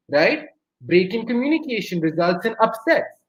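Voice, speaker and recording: A man with an Indian English accent giving a lively talk on communication at a webinar, acting out everyday scenes as he goes. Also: very high voice, normal speed. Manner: lively storyteller, acts out quotes. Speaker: webinar speaker. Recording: roomy echo.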